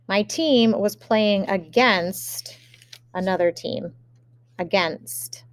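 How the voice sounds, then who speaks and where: With no echo in the audio, a female teacher in a mid-range voice runs a spelling lesson remotely. She reads out each word with slow, careful dictation and offers sentences showing how it's used.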